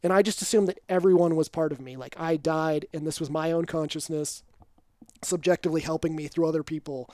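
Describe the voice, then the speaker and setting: A man's voice: on the high side, brisk, no room sound. A young man casually telling a story on a podcast, acting out quotes with swearing. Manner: animated, acts out quotes with swearing.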